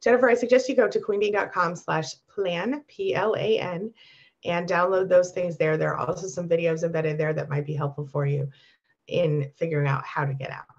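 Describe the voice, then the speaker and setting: A woman coaching abuse survivors on a live stream, reading viewer comments and answering them with warm encouragement. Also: fairly low pitch, steady tone, a little fast, dull audio.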